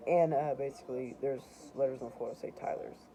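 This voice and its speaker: A man's voice: medium pitch, fairly even intonation, fairly quick, mellow, rough recording. A man casually reading through his own homemade comics, rambling and correcting himself as he goes.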